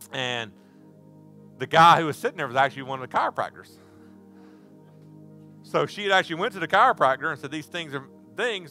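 Male preacher, folksy storyteller given to shouts, bright forceful voice. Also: mid-range voice. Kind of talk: sermon. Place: church service.

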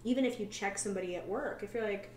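A woman's voice: mid-range voice, fast, a little mellow, recorded from a distance. A woman in casual chat, telling stories about a friend and quoting her along the way. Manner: storytelling, quotes friends, chatty. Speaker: guest. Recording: roomy echo from a bit off mic, light hiss.

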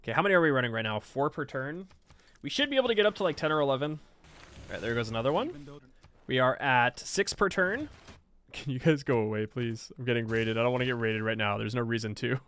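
A man's voice: mid-range voice, animated, fast talker, fairly bright tone, clean tone. A man casually commenting on his own strategy gameplay, chatty and self-mocking, laughing often. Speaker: game streamer.

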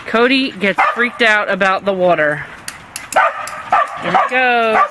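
A woman's voice: mid-range voice, expressive, slow pace, heavy background noise. A woman filming her dogs outdoors on a backyard deck with a handheld camcorder, doting and laughing as she talks to them. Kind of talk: casual home video chat.

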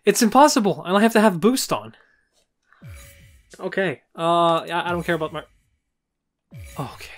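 A man commentating his own gameplay, yelling and swearing at the fight. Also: sits high, normal speed, long pauses, faint music behind. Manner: excitable, swears and yells at the game. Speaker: let's play gamer.

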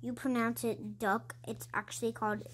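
A woman's voice: on the high side, little pitch movement, moderate pace, a little hiss or hum, close to an everyday voice. A woman doing a sneering, bossy big sister. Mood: mocking. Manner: sneering, insulting. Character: mean bossy teen sister, scornful.

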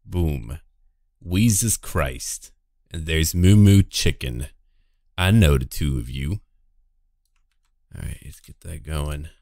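A man's voice: rumbling low, takes it slowly, pauses often, a little mellow, no echo, clean studio sound. A man streaming a video game, chatting casually with viewers and joking irreverently as he plays. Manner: joking, irreverent, talks to chat. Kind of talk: casual gameplay commentary.

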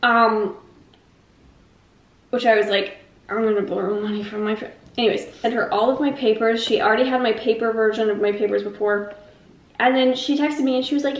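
A woman's voice: fairly high pitch, fairly even intonation, fairly quick. A young woman vlogging casually in an emptied apartment, rambling through a story with lots of "like". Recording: echoey empty room.

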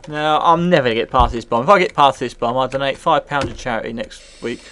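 A man's voice: medium pitch, fast talker, slight background noise. A tipsy man commentating live as he plays and reviews an old computer game, swearing freely and rambling. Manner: sweary, rambling, bursts into excited yells.

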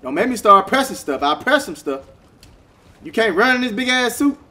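A young man giving excitable, casual commentary while playing a video game and talking back to the characters. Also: very high voice, normal speed, slight background noise. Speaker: gaming streamer. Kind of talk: casual let's-play commentary.

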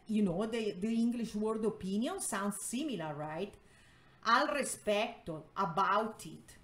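A native Spanish-speaking woman teaching an online Spanish lesson, explaining slowly in English with many fillers and restarts. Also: mid-range voice. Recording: echoey room.

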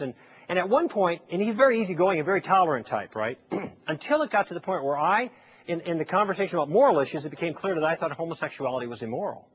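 Husky and fairly high-pitched, this man's voice carries a persuasive talk before a live crowd. He tells a story, voicing both parties in a conversation and posing rhetorical questions.

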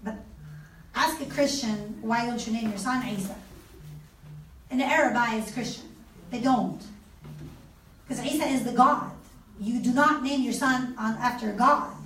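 A woman who does not speak natively gives an animated lecture, asking rhetorical questions and acting out conversations. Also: fairly high pitch, slight background noise. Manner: animated, asks rhetorical questions, acts out dialogue. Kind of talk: lively lecture. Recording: echoey room, mic far off.

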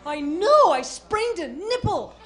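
High-pitched woman, stand-up comedy, loud put-on voices, live club, noisy crowd behind. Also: sing-song, slow pace. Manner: loud acted-out voices and shouts.

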